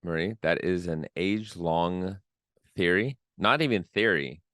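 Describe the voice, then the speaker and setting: Low-voiced man, dry close podcast sound. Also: unhurried, no echo. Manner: relaxed storytelling with frequent fillers. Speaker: podcast co-host. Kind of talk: casual podcast chat.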